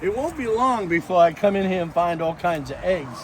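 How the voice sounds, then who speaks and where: Easygoing high-voiced man rambling outdoors. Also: animated, a little fast, low-quality recording. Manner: rambling, easygoing, talks to his animals. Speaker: vlog host. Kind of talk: casual chat. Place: outdoor backyard. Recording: outdoor noise.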